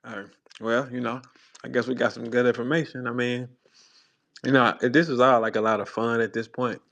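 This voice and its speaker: Laid-back man hosting, halting speech. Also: medium pitch, flat delivery, creaky, fairly bright tone, highs cut off. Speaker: host. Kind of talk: casual chat.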